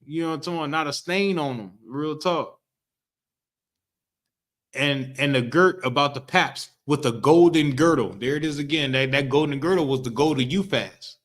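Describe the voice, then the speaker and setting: A man's voice: fairly high pitch, a bit bright. Man teaching scripture in slangy street talk. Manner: reads verses slowly, then explains loosely with "right?" and acted reactions. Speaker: street teacher of a history class.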